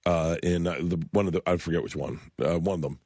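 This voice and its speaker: A man in his fifties, a comedian telling animated stories on a radio show and acting out the other people in them. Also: deep voice, fast talker, no room sound, clean studio sound. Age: 50s. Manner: animated storyteller, acts out voices and laughs a lot. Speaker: guest comedian. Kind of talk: storytelling in casual chat. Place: radio studio.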